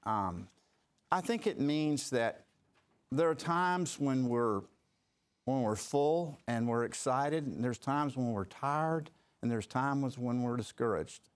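A man's voice: medium pitch, lively intonation, slow, smooth. A man leading a Bible study group, talking conversationally with many fillers and restarts.

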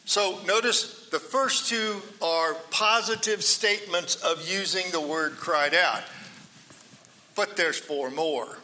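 A male preacher teaches through scripture slowly and deliberately, his voice high for a man and strikingly bright. He leans into quoted shouts and then drops to near-whispers for emphasis. The sound rings with the long reverb of a large hall. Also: expressive. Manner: dramatic, swings between loud quoted cries and hushed asides. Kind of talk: sermon, Bible teaching.

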